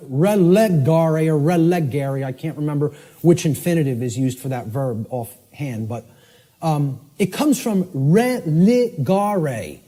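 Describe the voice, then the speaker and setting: Emphatic and forceful, this man's lecture is delivered in a voice on the high side. He frequently asks "okay?" and spells out words one letter at a time.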